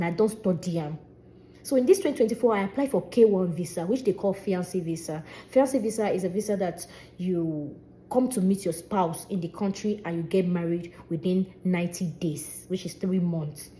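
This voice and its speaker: A young woman with a Nigerian accent talks straight to her viewers in a casual vlog. Her voice sits at an ordinary middle pitch with a mellow, darker warmth. She tells her story in an animated, expressive way, slipping in a few Pidgin phrases. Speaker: vlogger and singer.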